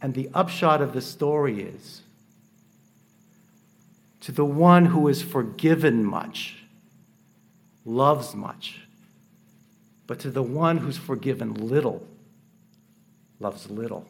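A man preaching a sermon in an earnest, measured way, asking rhetorical questions. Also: mid-range voice, gravelly.

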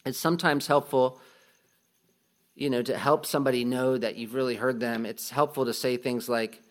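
A man's voice: medium pitch, fairly even intonation, moderate pace. A man giving a casual Bible teaching talk, often restarting his sentences with ums and light laughs.

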